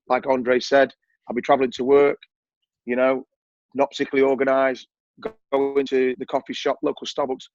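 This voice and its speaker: A chatty man with an English accent talks at a middling pitch and often repeats phrases to press a point. The sound is dry and a little dull, like a recorded call. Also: dry recording. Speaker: coaching client giving a testimonial. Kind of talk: casual chat.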